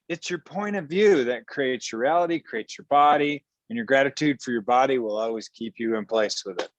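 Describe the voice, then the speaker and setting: A man's voice: medium pitch, moderate pace, no echo, low-quality recording. Blunt man coaching on a call, dry sound. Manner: blunt and irreverent, with sudden jokes. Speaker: facilitator speaking through an interpreter. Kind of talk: casual spoken coaching on a call.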